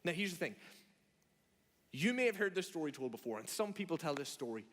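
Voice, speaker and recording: A man's voice: on the high side, sing-song, a little fast, a bit bright. A man preaching a sermon in a conversational way, asking the audience questions and acting out reactions. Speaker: pastor. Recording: long hall reverb.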